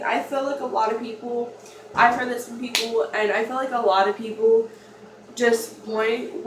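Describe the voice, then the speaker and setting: A woman's voice: on the high side, a little mellow. A young woman vlogger telling a personal story in a rambling, confessional way, full of fillers and restarts. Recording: echoey room, mic far off, faint noise.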